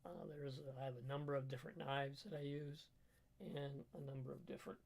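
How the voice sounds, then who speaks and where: A middle-aged man, a cook and livestreamer, chatting casually in a home kitchen, rambling and halting and firm in his opinions. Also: medium pitch, flat delivery, vocal fry.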